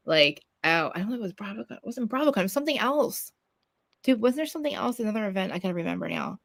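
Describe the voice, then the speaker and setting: A woman hosting a casual gossip chat, talking in a profane, animated way and acting out the quotes she tells. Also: mid-range voice, rapid-fire. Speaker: podcast host. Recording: dry home streaming mic.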